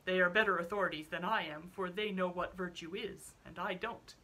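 A woman voices a suave, cynical old count who lectures the room with slow rhetorical questions. He sounds bright and carrying. His voice sits low. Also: steady tone, low-quality recording. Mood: amused.

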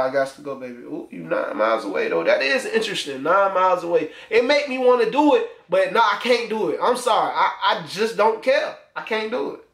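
In an echoey room, a young man with a high, slightly bright voice reacts on his own YouTube channel. He keeps the commentary loose, crude and full of teasing.

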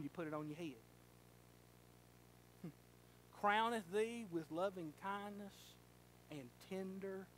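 A male pastor preaching a sermon in a church, telling a folksy story and rising to fervent shouting. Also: high voice, slight background noise. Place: church sanctuary.

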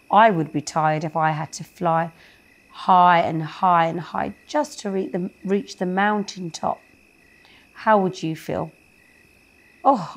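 A woman reads a children's bedtime story at a slow, unhurried pace. She speaks gently and often stops to ask her young listeners questions. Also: on the low side. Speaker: storyteller for a kids show.

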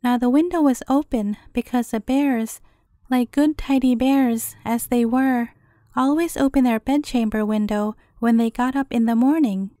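A woman reading a fairy tale aloud as a bedtime story, in an even, measured way. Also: fairly high pitch, no echo, studio quality.

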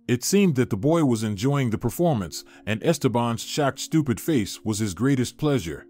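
A man narrating a dramatic story in an expressive reading. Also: mid-range voice, moderate pace, few pauses, soft background music.

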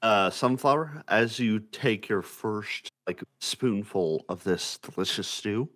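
A man narrating as game master of a tabletop role-playing game, halting with fillers and restarts. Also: fairly low pitch, animated, a bit bright, dry recording, studio quality. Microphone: home microphone with a cutting-out plug.

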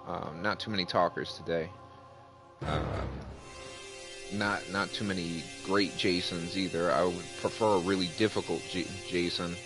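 Low-voiced man telling a gaming story. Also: moderate pace. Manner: animated storyteller, voice jumps up when retelling. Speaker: gaming channel host. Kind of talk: casual gameplay commentary storytelling. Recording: faint music behind.

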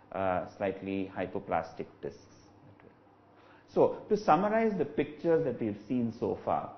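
A man, an eye doctor, giving a clinical webinar lecture in a measured, explanatory way with frequent "uh" fillers. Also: medium pitch, dull audio. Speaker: ophthalmologist lecturer.

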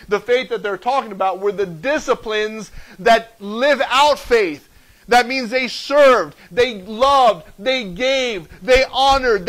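High-voiced man preaching a sermon. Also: low-quality recording. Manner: emphatic preaching that swings between loud and soft; repeats key phrases for emphasis. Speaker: pastor.

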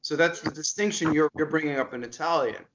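Man, slightly high voice, casual co-host, explains with examples, dull lo-fi sound. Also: fast, fairly bright tone, a little hiss or hum. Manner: explains with examples, laughs easily, checks with "right?". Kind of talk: casual conversation.

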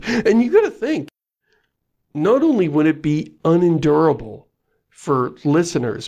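A man's voice: fairly high pitch, vocal fry, a little mellow. A man co-hosting a podcast in casual chat, jokey and self-mocking, laughing often. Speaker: podcast co-host.

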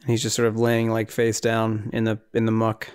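Smooth-voiced man recapping a movie. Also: lowish voice, monotone, normal speed, a little mellow. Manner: rambling, incredulous, laughing at the film. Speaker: podcast host.

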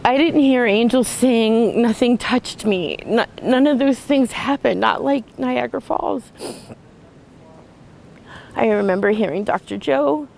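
A woman's voice: fairly high pitch, a little slow, creaky, darkish tone, low-quality recording. A woman sharing an emotional personal testimony, earnest and full of restarts and fillers. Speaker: retreat participant sharing a testimony.

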